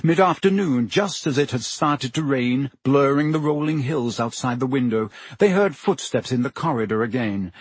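A man narrating a novel as an audiobook in a steady, measured way. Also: mid-range voice, slightly rough, no room sound. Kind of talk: scripted narration.

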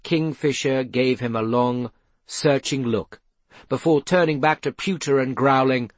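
A man narrating a children's novel aloud with expressive storytelling. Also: mid-range voice, a little slow, dry recording. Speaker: audiobook narrator. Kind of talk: scripted narration.

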